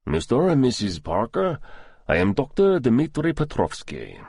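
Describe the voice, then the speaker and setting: A man's voice: mid-range voice, huge pitch swings, measured pace, darkish tone, breathy edge, dry recording, studio quality, pitched above the performer's own voice, full character voice. A man voicing a formal, wary middle-aged male doctor with a thick Russian accent. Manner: stiff, formal phrasing.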